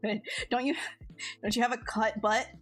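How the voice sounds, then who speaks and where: At a normal speed and with fairly even intonation, a woman with a fairly high voice streams and chats casually with her viewers' live chat. She's bubbly and talkative, frequently laughing and restarting sentences, while faint music sits in the background.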